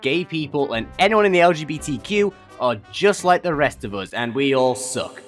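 A man's voice: on the high side, lively intonation, normal speed, faint music behind. A young man doing comedic reaction commentary, sarcastic and laughing often, breaking into mocking voices. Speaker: YouTuber reacting to posts.

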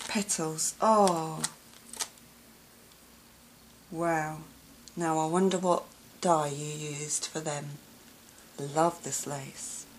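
A woman filming a craft gift unboxing vlog, gushing and gasping with delight and often dropping to a soft whisper. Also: deep voice, a little hiss or hum, poor audio. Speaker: craft vlogger.

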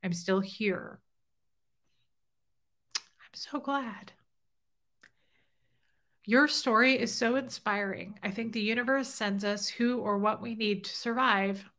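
The middle-aged livestream host speaks at normal speed with hardly any pauses, her medium-pitched voice fairly bright and her intonation fairly even. She goes through viewer comments in a casual, chatty, heartfelt and openly emotional way.

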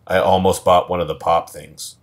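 A man's voice: sits low, flat delivery, moderate pace. A man co-hosting a comedy podcast, telling stories in a rambling, meandering way during casual banter. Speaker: comedian co-host.

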